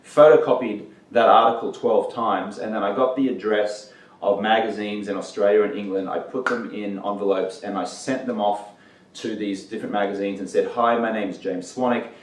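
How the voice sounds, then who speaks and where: A man's voice: on the low side, fairly even intonation, normal speed, echoey room, distant mic, a little hiss or hum, rough recording. A man being interviewed as a guest, telling his career anecdotes in an easygoing, casual way and acting out what people said. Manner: anecdotal, easygoing, acts out quotes. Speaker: guest, entertainment journalist.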